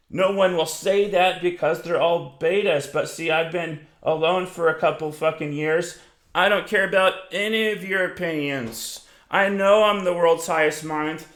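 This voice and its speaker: A man's voice: on the high side, a bit bright. Angry, profane man ranting in an echoey room. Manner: profane, aggressive, grandiose, addresses listeners as "you". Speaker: self-styled lecturer.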